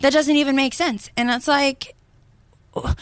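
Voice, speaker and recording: A woman's voice: high voice, steady tone, unhurried, dry recording. A woman co-hosting a podcast, talking in a blunt, rambling way with lots of fillers. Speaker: podcast co-host. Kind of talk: casual opinionated chat.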